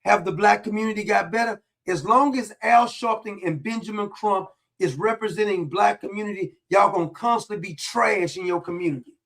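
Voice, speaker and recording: A man with a high, gravelly voice rants through a commentary monologue. His delivery is combative and mocking, and he hammers the same points again and again. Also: brisk, few pauses, fairly bright tone. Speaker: political commentary host. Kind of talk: ranting monologue.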